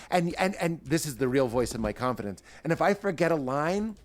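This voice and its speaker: A man's voice: a little high, lively intonation, fairly quick, hardly any pauses. A man, a stand-up comedian, talking as a guest on a podcast, riffing animatedly and acting out his own bits in character voices. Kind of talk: podcast interview chat.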